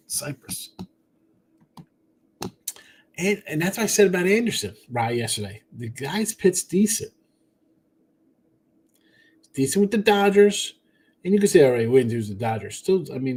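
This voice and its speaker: A man's voice: medium pitch, darkish tone, slight background noise. A man hosting a sports betting podcast, chatting casually and reading viewer comments, tired after a short night. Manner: rambling, offhand, talks to chat by name. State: tired, yawning.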